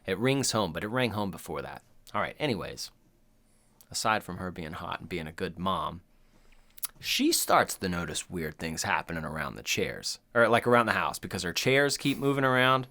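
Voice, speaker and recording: A man's voice: low voice, expressive, normal speed, sharp tone. A man in his thirties, co-hosting a podcast, casually retelling a movie in a loose, profane, rambling way. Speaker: podcast co-host. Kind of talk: casual chat.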